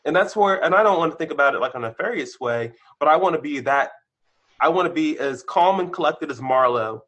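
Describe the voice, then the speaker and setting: On a podcast, a senior engineer speaks candidly and briskly about his career in a conversational interview. His animated storytelling spikes upward when he gets excited and sinks low when he reflects.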